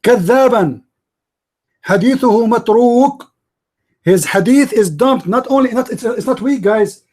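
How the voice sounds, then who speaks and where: A man's voice: very high voice, normal speed, darkish tone. A man hosting a live debate, arguing emphatically and repeating his points to the viewers. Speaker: debate host.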